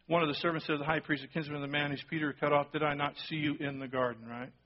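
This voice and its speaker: A man preaching a sermon, telling a story with lively acted-out quotes and sudden drops to a hushed voice for emphasis. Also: on the high side, fast talker, lo-fi sound. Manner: animated storytelling, acting out quotes, dropping to a hush for emphasis. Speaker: pastor.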